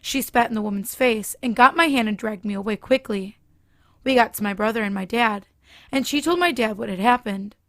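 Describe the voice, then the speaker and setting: A woman narrating a scripted horror story in a steady reading manner. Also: a little high, brisk, dry recording, clean studio sound.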